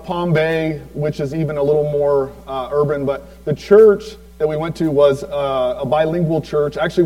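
The recording quality is low, and this man's voice runs on the high side with a warm tone. He's in his forties, speaking at church to deliver a tribute, a rambling personal testimony packed with fillers and remarks aimed at the audience.

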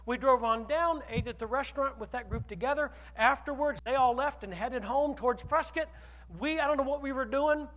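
A man preaching a sermon as pastor, telling a personal story with animated swings from loud declarations to hushed asides. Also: very high voice, brisk, big-room sound.

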